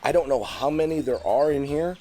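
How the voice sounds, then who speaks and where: Standing beside his backyard koi pond, a fish keeper vlogs into a handheld phone camera in a casual show-and-tell. He talks fairly quickly, chatty and enthusiastic, his pitch jumping up on the exciting bits, with faint music in the background.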